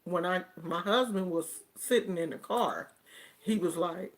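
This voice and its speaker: A woman vlogger chats casually to camera and tells her stories in an animated, drawn-out way. She speaks at an unhurried pace in a fairly low voice.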